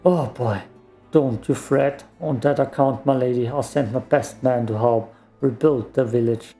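A man's voice: medium pitch, a little slow, warm tone, soft background music, lightly acted. A man voicing a blunt, proud lord. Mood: earnest.

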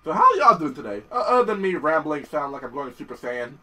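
Excitable young man yelling at a game. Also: fairly high pitch, fast talker, far from the mic, slight background noise. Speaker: gameplay commentator. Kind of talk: let's play commentary.

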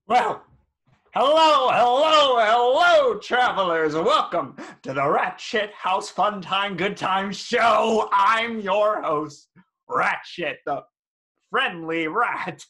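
A crude, cackling rat who runs his own grimy game show, played by a man. The voice sits high and swings all over, drawn out slowly with a bright, sharp edge. He hams, shouts and sneers like a deranged stage host in a comic play. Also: lively intonation, full character voice. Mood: hammy welcome. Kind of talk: comedic stage-play reading.

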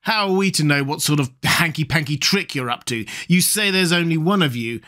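A man's voice: fairly high pitch, a little fast, bright, forceful tone. A man playing a blunt, plain-spoken skipper of a fishing schooner. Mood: suspicious.

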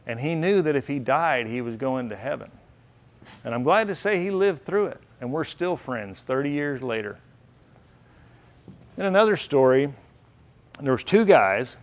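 A middle-aged man giving an earnest, heartfelt storytelling speech at a banquet. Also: a little high. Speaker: banquet speaker. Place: banquet hall.

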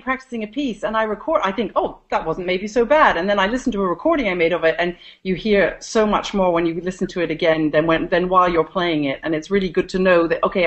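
A woman hosting a live online interview, reading out viewer questions with friendly enthusiasm. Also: lowish voice. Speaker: host. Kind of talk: live video call interview.

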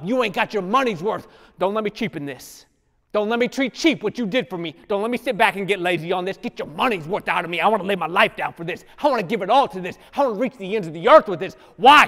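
Impassioned high-voiced male preacher. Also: lively intonation, a little fast. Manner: impassioned, swings from hushed to shouting; casual slang, drops words. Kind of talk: sermon. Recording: long hall reverb.

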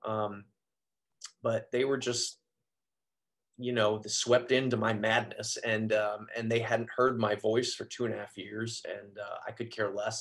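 A man's voice: lowish voice, creaky. Earnest man telling his story. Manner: earnest, reflective, frequent ums and you-knows. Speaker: Catholic priest and guest. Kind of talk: personal testimony in a conversation.

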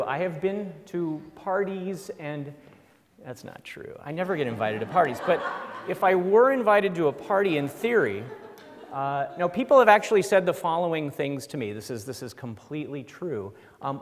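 A man's voice: a little high, expressive, normal speed. A middle-aged man giving a humorous lecture as a professor, wry and self-deprecating, acting out quotes. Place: large lecture hall. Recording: long hall reverb.

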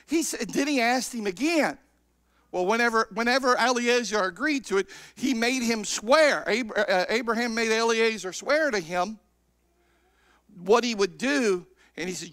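High, bright-voiced fervent male preacher. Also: normal speed, no room sound, studio quality. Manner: fervent, shouting in bursts, stretching words. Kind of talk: Pentecostal sermon. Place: church sanctuary.

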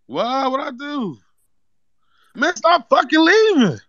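A man's voice: very high-pitched, big pitch swings, slow pace, fairly bright tone, no room sound, lo-fi sound. Young man joking with his friends. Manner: laughing, joking with friends in slang. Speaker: prank caller.

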